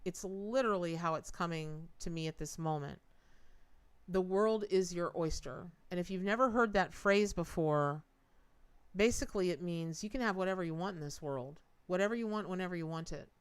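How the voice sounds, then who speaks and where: A woman's voice: lowish voice, normal speed, clean tone. A woman giving a tarot reading on a live stream, chatty, repeating words for emphasis and talking straight to her viewers. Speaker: tarot reader.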